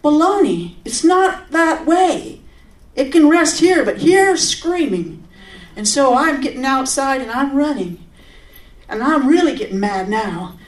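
A woman giving a personal testimony in a sermon, earnest and conversational with sudden animated outbursts. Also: high voice, unhurried. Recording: roomy, from a distance.

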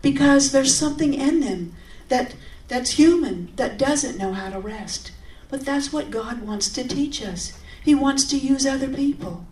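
A woman shares her testimony in a sermon, talking earnestly and conversationally. Her voice sits slightly high and jumps into animated bursts of emphasis. She is picked up from some distance, with a roomy echo around her. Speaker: speaker giving a testimony.

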